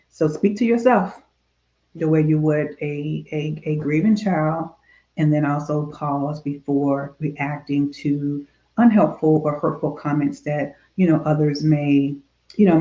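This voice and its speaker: Soft-spoken woman minister, echoey room. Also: low voice, dull audio. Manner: soft, repetitive, with many fillers and prayerful pauses. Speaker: grief minister. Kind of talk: gentle devotional talk to camera.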